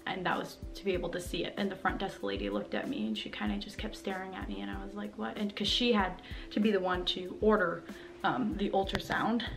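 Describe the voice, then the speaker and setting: Young woman, vlogger, mid-pitched, rambling candid talk to camera at home, faint music under it. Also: expressive, fairly quick, creaky. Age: young adult. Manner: rambling and candid, with many fillers. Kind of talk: personal vlog talking to camera. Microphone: camera mic, talking to camera.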